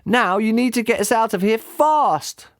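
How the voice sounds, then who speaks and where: A man voicing a worried, sharp-tongued eleven-year-old boy in a storybook reading, speaking high and insistently. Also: animated, unhurried, no room sound, clean studio sound. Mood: anxious, insistent.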